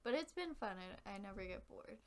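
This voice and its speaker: A woman's voice: medium pitch, brisk. A young woman co-hosting a casual podcast, chatting and telling stories with lots of giggles. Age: young adult. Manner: giggly, animated storytelling. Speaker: podcast co-host. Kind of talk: casual chat.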